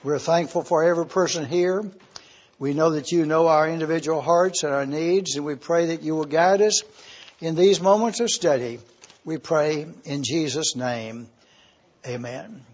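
A man teaching a Bible study, slow and deliberate, repeating key words for emphasis. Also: on the high side, darkish tone. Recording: dull lo-fi sound.

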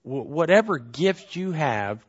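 A man's voice: a little high, expressive, slow pace, slightly rough, muffled recording. A man preaching a sermon as pastor, earnest and emphatic, repeating key phrases and asking the congregation rhetorical questions.

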